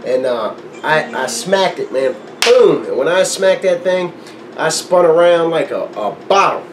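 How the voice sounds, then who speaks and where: Guy with a high voice telling a wild story, acts out the lines, laughs a lot, faint hiss in the background. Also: a little slow. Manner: animated, acts out quotes, laughs often. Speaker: guest storyteller. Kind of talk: casual storytelling.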